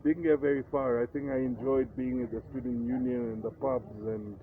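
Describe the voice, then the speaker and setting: Animated Kenyan man telling stories. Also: medium pitch, a little fast. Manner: animated storyteller who acts out voices. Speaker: guest, radio personality. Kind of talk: casual storytelling interview. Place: hotel. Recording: tinny phone-like sound, faint noise.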